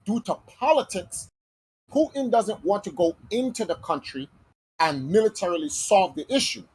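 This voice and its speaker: An American man hosting a casual podcast monologue, talking in slangy, animated speech and acting out quoted voices. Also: sits high, moderate pace, husky, rough recording. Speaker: podcast host.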